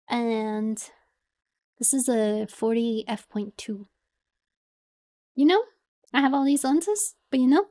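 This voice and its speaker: A young streamer woman with a high, mellow voice chats away in her bedroom. She is excitable and loose, tripping over words and laughing as she goes. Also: unhurried. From United States. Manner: chatty and excitable, restarts and laughs. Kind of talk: casual chat.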